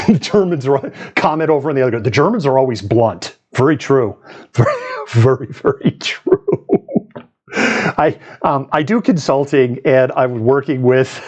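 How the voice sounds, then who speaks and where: A man's voice: mid-range voice, animated, normal speed, a little mellow, breathy edge. A man from the US East Coast hosting a live news stream, talking in a chatty, digressive way and laughing often. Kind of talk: casual live-stream commentary.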